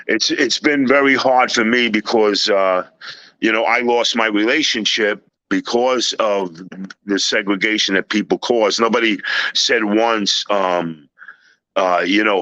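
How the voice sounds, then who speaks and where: Man, panel guest, bright dry voice, halting then loud when he acts out scenes. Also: fairly low pitch, no echo, highs cut off. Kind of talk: casual storytelling.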